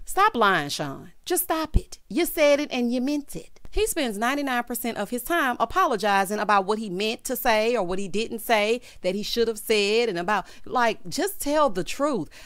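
A woman recaps reality TV in a sassy, animated way, her fairly high voice swinging up and down. The sound is dry and close, with no room around it. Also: moderate pace, hardly any pauses, dry recording. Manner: sassy, animated, mimics the cast in quoted voices. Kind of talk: casual recap commentary.

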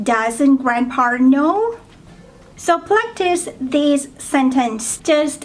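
High-voiced woman teaching tones. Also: lively intonation. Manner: slow, deliberate, demonstrates tones by repeating words. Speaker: language teacher. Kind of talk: language lesson.

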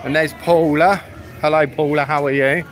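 A man's voice: on the high side, fairly even intonation, normal speed, slight background noise. A man live-streaming from a public street, talking bluntly and swearing as he rambles through a rant.

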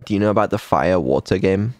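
Deep gravelly male streamer, mumbling. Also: darkish tone, no room sound. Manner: mumbling, halting, dry and swearing. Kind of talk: casual chat.

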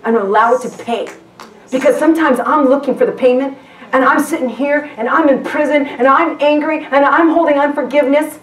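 A woman guest pastor preaches fairly quickly in a high voice, with slight background noise present. Her conversational sermon in the church sanctuary features frequent restarts and questions to the congregation, captured from far off in an echoey hall.

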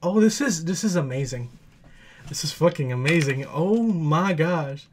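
A man hosting a music video reaction, excitable and swearing freely, talking to himself and squealing when thrilled. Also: on the high side, measured pace, a little hiss or hum. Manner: talks to himself aloud. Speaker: reaction channel host. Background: faint music video playing.

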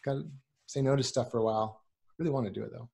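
A man's voice: mid-range voice, racing, vocal fry, a little mellow. A man talking as a guest on a podcast in a casual chat, earnest and a bit rambling. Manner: earnest, rambling, many fillers and restarts. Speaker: podcast guest, business owner.

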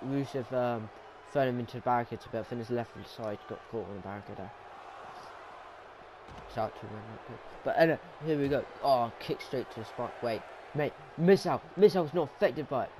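A young man giving excited, rambling play-by-play commentary over a wrestling video game, pleading with the action on screen. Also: medium pitch, a little hiss or hum. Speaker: gaming commentator.

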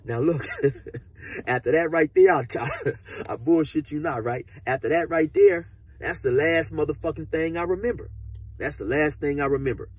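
A man's voice: fairly high pitch, normal speed, breathy edge, dry recording. A man telling a personal story in a laid-back, slangy, profane, rambling way. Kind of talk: casual storytelling.

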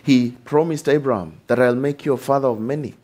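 A man preaching a sermon with animated delivery, repeating lines and asking rhetorical questions. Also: mid-range voice, fairly quick. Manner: acts out short dialogues in changed voices.

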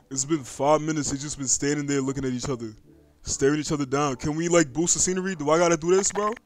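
A young man giving casual gaming commentary, slangy and excitable, chatting to the game's creatures and yelping when startled. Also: a little high, a little fast, pauses often, slight background noise. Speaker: gaming YouTuber.

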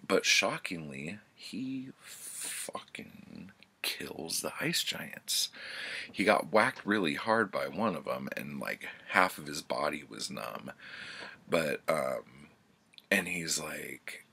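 Very deep, gravelly man rambling casually. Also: expressive, takes it slowly, pushed and bright. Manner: rambling, filler-heavy, profane. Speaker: book vlogger. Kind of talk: casual story retelling.

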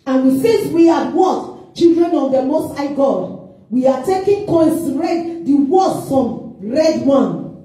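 A woman's voice: sits high, expressive, slow, mellow. A woman evangelist preaching a sermon in call-and-response style, asking questions and answering them herself, recorded in a church hall. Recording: echoey room, distant mic, faint music.

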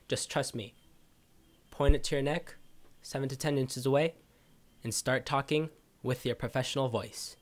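A man's voice: medium pitch, steady tone, moderate pace, pauses often. A man hosting a casual how-to tutorial, talking directly to viewers into a condenser microphone. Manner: chatty, direct, addresses viewers. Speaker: video tutorial host. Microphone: condenser microphone, position varied.

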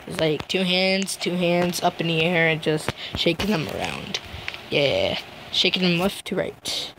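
Woman, gameplay commentary, excitable, bursts into yelps and shouts, slow unhurried talk, vocal fry. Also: fairly low pitch, noisy background. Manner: hums and sings little tunes while playing. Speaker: gamer.

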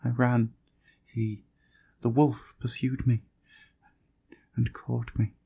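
A man's voice: mid-range voice, little pitch movement, slow, gravelly, mellow, breathy edge, pitched above the performer's own voice, exaggerated voice. A man voicing a terrified young village girl, gasping and faint, in an audiobook reading. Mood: dying, gasping.

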